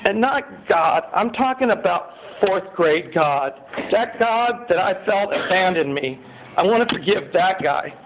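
A man giving a personal testimony at a recovery meeting. He tells his story in an animated way, swinging from loud excitement to quiet earnestness. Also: high-pitched, a little slow. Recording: tinny lo-fi recording with faint hiss.

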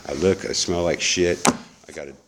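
A man's voice: low voice, fairly even intonation, normal speed, background noise. A middle-aged man telling his recovery story in a candid, profane, rambling way, full of restarts. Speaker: recovery speaker. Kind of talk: personal testimony storytelling.

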